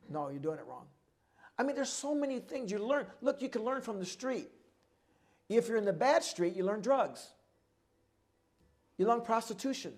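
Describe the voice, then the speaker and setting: A middle-aged man telling stories at a live oral history event, animated, acting out voices and rhythms as he goes. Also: sits high. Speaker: guest speaker.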